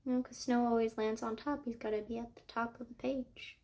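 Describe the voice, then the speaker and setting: Young female book vlogger, slightly high voice, gushing, rambling casual chat. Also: fairly even intonation, brisk, a little mellow. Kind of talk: casual chat while making a digital journal.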